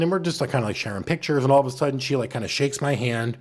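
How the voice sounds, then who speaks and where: Podcast co-host, male, crude and animated raconteur. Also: mid-range voice, rapid-fire. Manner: crude, animated storyteller who acts out quotes. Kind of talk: casual storytelling chat.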